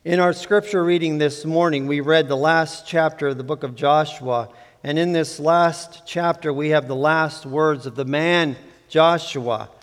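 A man preaching a sermon as pastor, measured, slowing down to stress key phrases. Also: on the high side, steady tone. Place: church sanctuary. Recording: long reverb of a church hall.

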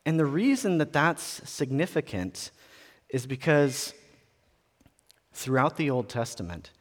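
A man preaching a sermon in a conversational, animated way, often restarting phrases. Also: fairly high pitch, unhurried. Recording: long reverb of a large room.

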